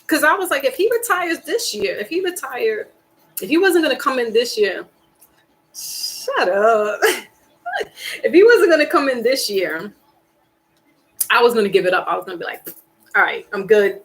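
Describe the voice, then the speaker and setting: A woman hosting a casual live stream, rambling in an animated, slangy, emphatic way, with sighs and laughs. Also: sits high, normal speed, pauses often, low-quality recording. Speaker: tarot reader and live stream host.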